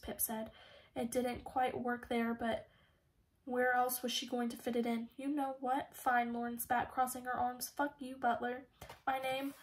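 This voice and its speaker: Higher-voiced woman reading an audiobook in a level tone. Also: poor audio. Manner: reads all the characters' dialogue in her own voice; occasional slips and restarts. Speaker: audiobook narrator.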